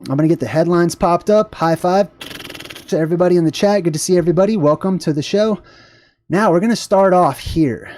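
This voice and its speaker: A man's voice: high-pitched, fairly quick, a little mellow, slight background noise. A man hosting a livestream show, talking casually and rambling with enthusiasm, with frequent fillers and restarts. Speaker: host.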